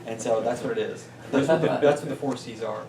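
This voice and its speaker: Brief: upbeat male business coach, mid-pitched, pitching a small meeting room, picked up from across an echoey space with faint hiss. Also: fairly quick. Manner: energetic, peppers points with "right?". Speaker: business coach and guest speaker. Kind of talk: motivational talk to a small group. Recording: roomy distant sound with faint noise.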